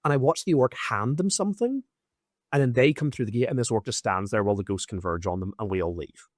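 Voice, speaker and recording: Man telling a lively story, dry sound. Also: medium pitch, quick pace, dry recording. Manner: animated, swears freely, many fillers. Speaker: podcast host. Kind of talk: casual storytelling.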